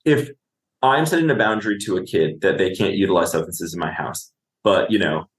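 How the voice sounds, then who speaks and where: Low-voiced guy explaining parenting stuff, keeps saying right?, kinda roomy echo. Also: animated, fairly quick. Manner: explanatory, acts out parent quotes, says "right?" often. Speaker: podcast guest, clinician. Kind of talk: conversational explanation.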